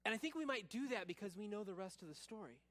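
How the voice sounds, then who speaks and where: A man preaching a sermon, telling a story and acting out quotes, then dropping to a quiet, searching tone. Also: high voice, expressive, fast talker. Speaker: pastor.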